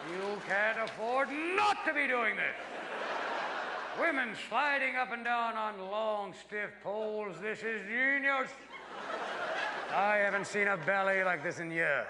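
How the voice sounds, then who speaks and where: A man doing a stand-up routine, animated and crude, acting out voices for his punchlines on a live stage. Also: high-pitched, unhurried. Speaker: stand-up comedian. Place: theater stage before a laughing audience. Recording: live stage with long reverb and loud noise.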